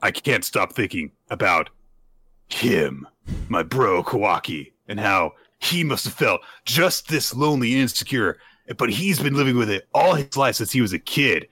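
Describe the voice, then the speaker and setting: A man voicing a reflective teenage boy hero, talking low and earnestly. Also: expressive, normal speed, bright, forceful tone, husky, no echo, full character voice.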